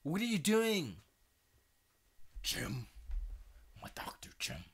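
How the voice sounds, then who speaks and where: A man playing a flustered male executive scolding a colleague in a shrill, high voice. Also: huge pitch swings, takes it slowly, breathy edge, heavily acted. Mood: alarmed.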